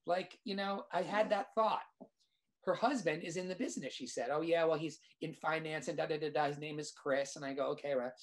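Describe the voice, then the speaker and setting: A man, a screenwriter guest, telling a lively anecdote in casual chat, with restarts and quoted dialogue. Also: on the high side, a little fast. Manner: animated anecdote teller, restarts.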